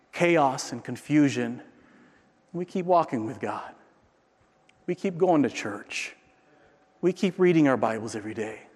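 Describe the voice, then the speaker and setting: A man preaching a sermon in a conversational way, tossing in "right?" and swinging from loud peaks down to a near-whisper. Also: a little high, big-room sound. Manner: frequent tag question "right?". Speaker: pastor.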